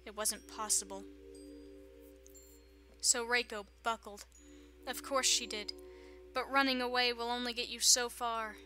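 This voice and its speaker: A woman's voice: on the high side, flat delivery, measured pace, long pauses, pushed and bright, soft background music. A woman reading a visual novel's text aloud with joking, sarcastic commentary, often laughing.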